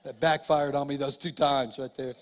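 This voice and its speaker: A middle-aged man preaching a sermon, telling humorous stories and often dropping to soft, quiet tones. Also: medium pitch, little pitch movement, normal speed. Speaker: pastor. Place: church sanctuary. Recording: long church hall reverb.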